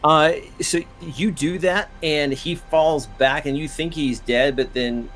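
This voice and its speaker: Relaxed man running a tabletop game. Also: a little high, slow, faint music behind. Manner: casual, hesitant narration with fillers. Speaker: game master.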